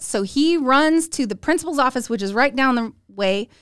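A middle-aged woman hosting a podcast and telling a story, animated and giggly, acting out the lines she quotes. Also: sits high, normal speed, clear, resonant tone, no echo, studio quality. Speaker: podcast host. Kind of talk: casual storytelling chat.

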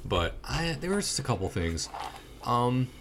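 A man's voice: medium pitch, very animated, unhurried, background noise. A young man rambling casually and swearing now and then while reviewing a movie with a friend.

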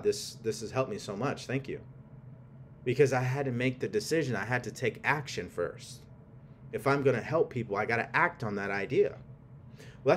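A man's voice: mid-range voice, slight background noise. A man hosting a podcast, giving an emphatic motivational talk with a coaching tone. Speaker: podcast host.

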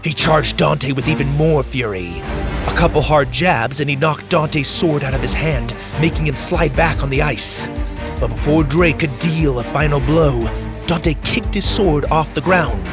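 A man reading a children's adventure story as its narrator, in a measured and dramatic storytelling manner. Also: fairly high pitch.

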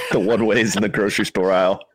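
A man's voice: fairly low pitch, steady tone, moderate pace, fairly bright tone, husky, no echo. A man co-hosting a podcast, blunt and dismissive with dry jokes. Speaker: podcast co-host. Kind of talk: casual podcast conversation.

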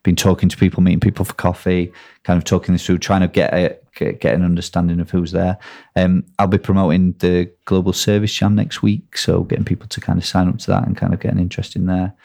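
A man's voice: low voice, flat delivery, quick pace, creaky, hardly any pauses, warm tone. A man, a guest on a podcast, talking hesitantly with many fillers. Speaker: guest, design school founder. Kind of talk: casual interview.

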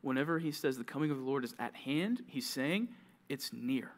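A man preaching a sermon to junior high students, lively and conversational, acting out grumbling teens in quick asides. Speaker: youth pastor.

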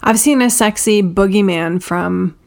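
A woman with a mid-range voice talks in a loose, casual chat. She is blunt and animated, and she swears freely as she gets into her point. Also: medium pitch, measured pace, vocal fry.

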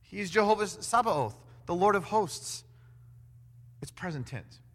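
A man preaching a sermon in an animated way, acting out quoted voices with big swings in loudness. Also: sits high, a little slow. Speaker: pastor. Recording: long hall reverb.

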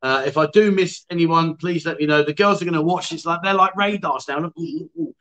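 A man's voice: on the high side, fairly quick, fairly bright tone, rough recording. A man in his fifties hosts a casual livestream. He teases his guests playfully and reads viewer comments aloud as he goes. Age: 50s. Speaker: livestream host. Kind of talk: casual chat. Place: indoors, lounge.

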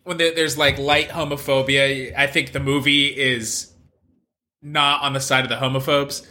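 A man's voice: medium pitch, level tone, moderate pace, sharp tone. A man co-hosting a podcast in casual chat, making dry, wry jokes. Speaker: podcast co-host.

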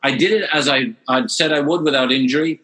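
A man in his sixties from Ireland with an Irish accent, telling his story as an interview guest, animated and repeating words as he gets going. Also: mid-range voice, fairly quick, rough recording.

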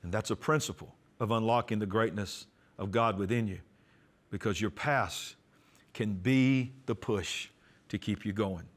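A man pastor giving a testimony sermon, storytelling and acting out the dialogue, going soft and quiet for prayers. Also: on the low side, a little slow. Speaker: pastor and TV host.

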